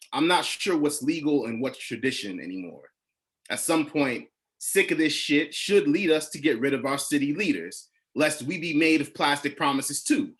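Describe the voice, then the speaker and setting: A man's voice: on the high side, a bit bright. A man from Ohio performing spoken word poetry in a rhythmic, declaiming delivery that builds in force. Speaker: poet.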